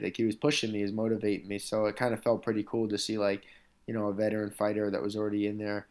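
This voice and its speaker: A man's voice: on the low side, completely flat delivery, racing, a little mellow. A man, a professional fighter, telling stories from his career in a loose, rambling way, full of "like" and "you know". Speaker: MMA fighter, interview guest. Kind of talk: casual storytelling in conversation.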